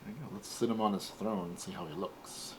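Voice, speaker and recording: A man in his forties hosting a casual toy unboxing, talking in a relaxed, rambling way. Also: on the low side, fairly quick, noisy background. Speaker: toy collector host.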